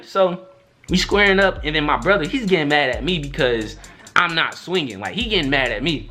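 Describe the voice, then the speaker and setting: Animated young man telling a story. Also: brisk, faint music behind. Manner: animated, slangy, acts out quotes with big pitch jumps. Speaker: vlogger. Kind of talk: storytime monologue.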